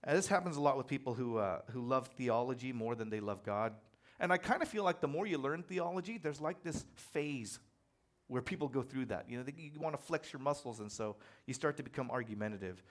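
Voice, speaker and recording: A man preaching a sermon in a conversational, animated way, telling personal stories with self-deprecating humor. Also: medium pitch, a little fast. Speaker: pastor.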